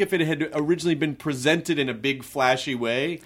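A man's voice: fairly high pitch, fairly even intonation, brisk. A man hosting an interview podcast, enthusiastic and rambling, often restarting his sentences. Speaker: podcast host. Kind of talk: casual interview chat.

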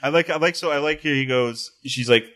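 A man co-hosting a casual chat about a comic, talking in an animated way, laughing often, swearing and acting out the characters in quick bursts. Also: mid-range voice. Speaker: podcast co-host.

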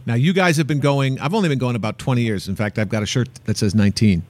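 A man hosting a radio show, talking in a relaxed, chatty way with some fillers. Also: mid-range voice, fast. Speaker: host. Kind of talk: casual radio chat.

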